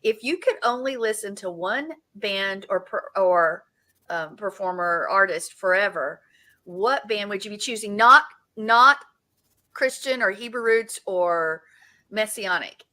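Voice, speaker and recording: Bright-voiced woman around sixty, chatty. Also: mid-range voice, measured pace, rough recording. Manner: animated storytelling with frequent restarts. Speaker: co-host. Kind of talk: casual chat.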